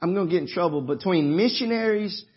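Husky preacher, folksy and emphatic. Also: male voice, sits high, animated, fast talker, muffled recording. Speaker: pastor. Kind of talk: sermon. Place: church service.

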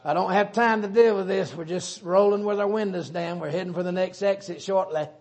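High-voiced Southern preacher man, folksy. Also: brisk. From Southern United States. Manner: folksy, joking, animated preaching. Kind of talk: sermon.

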